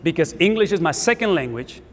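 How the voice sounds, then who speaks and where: Preacher, fifties, male, Spanish accent, high-pitched, roomy hall reverb. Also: very animated, a little fast. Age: 50s. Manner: emphatic, repeats words for stress, asks the room. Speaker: pastor. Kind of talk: sermon.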